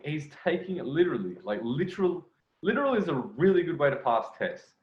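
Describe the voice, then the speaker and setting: A man's voice: on the high side, big pitch swings, a little fast, dull audio. Blunt man coaching in an echoey room. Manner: blunt, profane, restarts phrases often. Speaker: dating coach commentating on a video. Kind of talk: casual video commentary.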